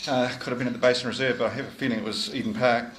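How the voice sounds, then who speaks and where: Speaking rapid-fire in a medium-pitched, fairly even voice that's a bit bright, this middle-aged man from New Zealand plays club sergeant at a lunch. He teases diners jovially while collecting fines in the club dining room, with slight background noise audible.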